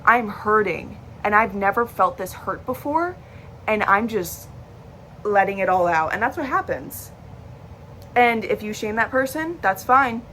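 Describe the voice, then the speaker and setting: Talking candidly into a device while facing its screen, a young adult woman vlogs about personal matters in a mid-range, animated voice. Her pace is measured and her tone sharp, she's blunt and emphatic and swears freely, and a slight hiss or hum can be heard.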